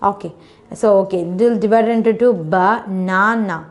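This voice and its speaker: A woman's voice: mid-range voice, steady tone, fast talker, gravelly, warm tone. A woman teacher giving a phonics lesson to children, patiently sounding out words syllable by syllable in non-native English phrasing.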